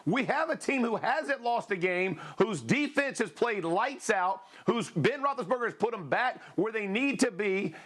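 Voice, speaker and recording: A man's voice: high-pitched, animated, moderate pace, few pauses, fairly bright tone. A male sports analyst, emphatic and combative, talking in a loose colloquial way. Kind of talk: heated sports debate.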